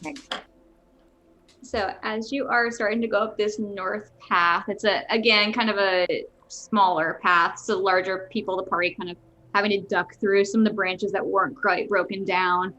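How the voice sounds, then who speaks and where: A woman runs a tabletop game, describing each scene as dungeon master. She pauses on fillers and corrects herself mid-sentence, at an ordinary mid pitch. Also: steady tone, sharp tone.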